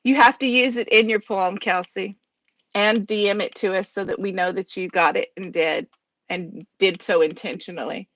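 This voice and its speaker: A woman's voice: mid-range voice, fairly even intonation, moderate pace, fairly bright tone, no room sound. A woman hosting a live poetry stream, talking in a chatty, rambling way as she explains the rules. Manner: chatty, rambling, laughs easily. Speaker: poetry reading host. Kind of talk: livestream hosting and poetry reading.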